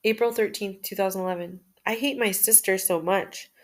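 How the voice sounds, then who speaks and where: She reads her personal journal out loud, speaking as "I" in a mid-range voice. The reading is steady and measured, with a few false starts along the way.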